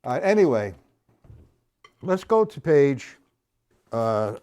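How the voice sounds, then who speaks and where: A middle-aged man runs a live drum lesson. He talks in a loose, chatty way, breaks each pattern down step by step and counts the beats out loud. His voice swings widely in pitch as he speaks. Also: big pitch swings, slow, clear, resonant tone. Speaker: drum teacher.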